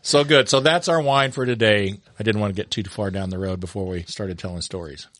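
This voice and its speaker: A man's voice: on the low side, a little fast, a bit bright, no room sound, clean studio sound. A man hosting a podcast and leading a wine tasting in easy, casual talk. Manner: leads the tasting, describing the wine. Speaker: podcast host.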